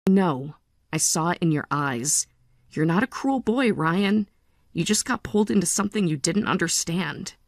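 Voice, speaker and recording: A woman playing a calm, weary mother. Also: on the low side, no room sound, studio quality. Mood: calm resolve. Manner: calm, measured, cold. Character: weary, resolute mother leaving her family.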